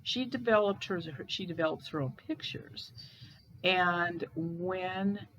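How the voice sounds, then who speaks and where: A woman from Cleveland, Ohio, telling ghost stories in a casual, halting way, with pauses and restarts. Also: fairly low pitch, a bit bright, lo-fi sound, slight background noise. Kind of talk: casual storytelling.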